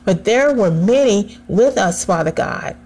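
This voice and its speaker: A woman's voice: medium pitch, animated, unhurried, darkish tone, a little hiss or hum, rough recording. A woman praying aloud, fervent and pleading, returning again and again to the same address to God. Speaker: prayer leader. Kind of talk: spoken prayer.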